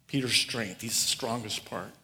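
A man preaching a sermon, telling the story with lively acted-out asides. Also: medium pitch, moderate pace, big-room sound. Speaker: pastor.

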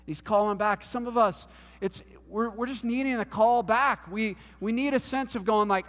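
A man's voice: high-pitched, normal speed, fairly bright tone, long reverb tail. A man preaching a sermon in a church, earnest, often restarting words and using "like" as a filler. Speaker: pastor.

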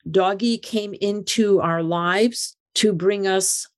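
A woman's voice: mid-range voice, takes it slowly. Older woman telling a heartfelt story. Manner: animated, repeats words and restarts often. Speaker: interview guest. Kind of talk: emotional personal storytelling.

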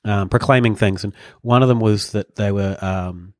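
A man's voice: fairly low pitch, moderate pace, no room sound, clean studio sound. A man hosting a podcast, telling stories in casual comedic chat and chuckling often. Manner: rambling storyteller, chuckling often. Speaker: podcast host.

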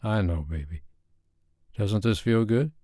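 Commanding grown man, low and coaxing, voiced by the narrator. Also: measured pace, dark tone, dry recording, studio quality.

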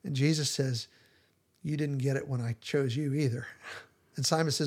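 A man's voice: fairly high pitch, moderate pace, a little mellow. A man hosting a podcast, retelling scenes in casual chat and acting out the quoted lines with animation. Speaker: podcast host.

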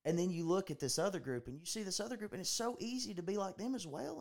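A man's voice: high voice, lively intonation, quick pace, creaky, few pauses, darkish tone. A man hosting a podcast, talking in an earnest preaching style, often restarting and repeating his phrases. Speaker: podcast host.

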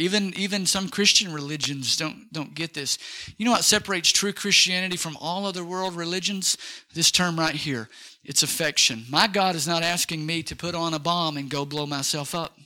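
A male pastor preaching an energetic sermon, leading the congregation in call-and-response. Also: high voice.

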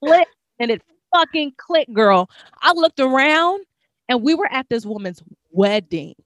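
A young woman hosting a casual chat, telling a lively story and acting out the voices of the people in it. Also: sits high, a little slow, no room sound. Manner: animated, acts out voices in her stories.

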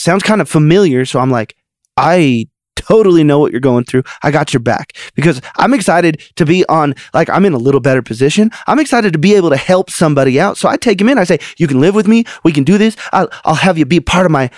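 A middle-aged man hosting a podcast, telling a personal story in an animated way and laughing often. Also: fairly high pitch, no room sound, studio quality. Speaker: podcast host.

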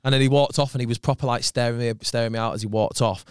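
A man's voice: mid-range voice, steady tone, racing, clean tone, dry recording, studio quality. A young man, a doorman swearing freely as he tells a story in casual chat. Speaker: doorman telling stories.

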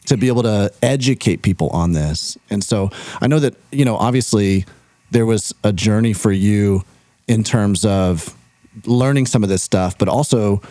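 A man's voice: lowish voice, mellow, dry recording. A man hosting an interview, speaking reflectively with plenty of affirming fillers as he sets up his questions. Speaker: podcast host. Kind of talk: conversational interviewing.

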